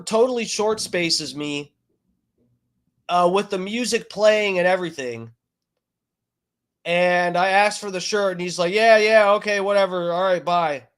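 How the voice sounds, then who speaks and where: A man streaming, telling a long story in a profane, rambling way with many fillers and restarts. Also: high-pitched. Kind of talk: casual ranting story.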